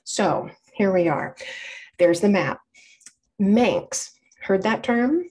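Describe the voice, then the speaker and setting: A woman presents a library talk in a friendly, conversational way. She explains as she goes, circles back to fix her own wording and keeps things light. Her pitch sits in an ordinary middle range. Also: lively intonation, slow, a little mellow. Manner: chatty, explanatory, frequent self-corrections. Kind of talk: informal public lecture.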